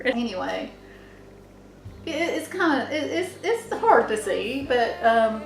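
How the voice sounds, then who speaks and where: A woman's voice: high voice, sing-song, a little slow, faint music behind. A middle-aged woman rambling through a reflective monologue, meandering and trailing off as she muses. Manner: meandering, musing, often restarts and trails off. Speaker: vlogger. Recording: echoey room.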